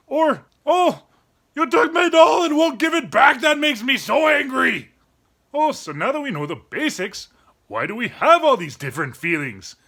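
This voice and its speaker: A man doing a high, bright cartoon dog host. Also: exaggerated voice. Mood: earnest explaining. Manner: playful, acts out each emotion with sudden cries. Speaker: children's show host. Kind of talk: kids' educational explainer.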